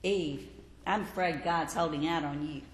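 A woman's voice: low voice, steady tone, unhurried, voice pushed down. A woman voicing a sly male serpent who coaxes and tempts in a falsely friendly, wheedling way. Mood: coaxing. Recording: echoey hall, faint background noise.

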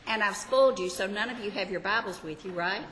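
A woman's voice: medium pitch, brisk, fairly bright tone, big-room sound, a little hiss or hum. An older woman, teaching a Sunday school Bible class in a chatty, self-deprecating, homey way.

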